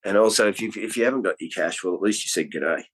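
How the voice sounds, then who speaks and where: A man, a podcast guest, telling animated stories in casual conversation and swearing freely. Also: sits low, fast talker.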